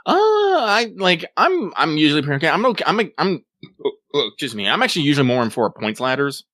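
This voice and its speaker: A man's voice: a little high, quick pace, dry recording, studio quality. A man in his late twenties co-hosting a gaming podcast, reading listener mail and chatting jokily with lots of "like". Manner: animated, heavy use of "like", jokey. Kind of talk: casual gaming podcast chat.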